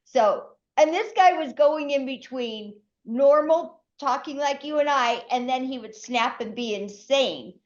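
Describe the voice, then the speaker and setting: A middle-aged woman co-hosting a podcast, telling a story in a lively, animated way and acting out the quotes. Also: high voice, measured pace, hardly any pauses. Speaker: co-host. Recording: dull lo-fi podcast audio.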